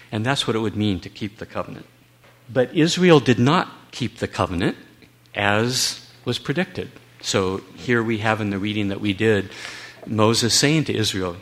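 A man delivers a Bible teaching talk in a fairly low voice. He presses his points earnestly and emphatically, now and then slipping in a wry aside. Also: a bit bright. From United States.

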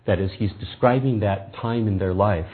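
A man with a low, husky voice lectures on scripture, reasoning aloud and methodically working through each verse. The sound is thin and tinny, as if it came over a phone line. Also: moderate pace. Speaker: Bible teacher. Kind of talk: Bible study lecture.

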